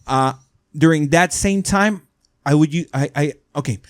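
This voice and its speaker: A man's voice: on the high side, normal speed, no room sound, clean studio sound. A man hosting a podcast, telling a story in a rambling way and often asking "right?". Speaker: podcast host. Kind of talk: casual storytelling.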